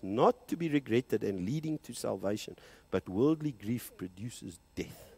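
A South African man preaches a fervent sermon, his husky voice swinging from loud, high peaks down to quiet, low passages. He slips between English and Afrikaans as he preaches, his pitch lively throughout. The sound is close and dry, with no room echo. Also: unhurried, hardly any pauses. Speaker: pastor.

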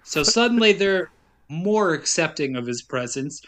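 Podcast co-host, male, slightly high voice, wry and chuckly recapping a film. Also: lively intonation, unhurried, a bit bright. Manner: wry, laughing while telling the plot. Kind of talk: casual chat, recapping the plot.

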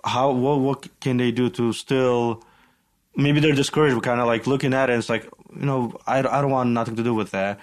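A man's voice: mid-range voice, fairly even intonation, fairly quick. A man hosting a podcast, asking an interview guest searching, loosely worded questions. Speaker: podcast host.

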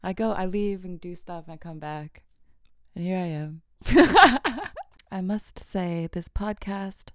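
A woman's voice: fairly low pitch, a little mellow, dry recording, clean studio sound. A woman hosting a casual solo podcast, rambling and giggly, often dropping to a whisper, alone in a small room at a podcast mic. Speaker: podcast host. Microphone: podcast microphone.

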